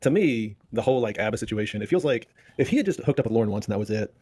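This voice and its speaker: A man's voice: lowish voice, animated, racing, darkish tone, husky. A man joining a casual chat, talking in a hesitant, chatty way. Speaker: chat participant.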